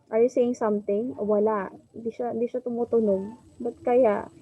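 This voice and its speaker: A woman's voice: a little high, fairly even intonation, slightly rough, no room sound, phone-quality sound. Filipino woman teaching an online class. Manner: mixes English and Tagalog, drawn-out model words. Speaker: English teacher. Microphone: video call.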